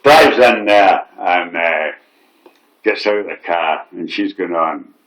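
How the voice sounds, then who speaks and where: A man's voice: sits low, slow pace, fairly bright tone. A middle-aged man telling a funny story, laughing often and swearing. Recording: echoey room, faint noise.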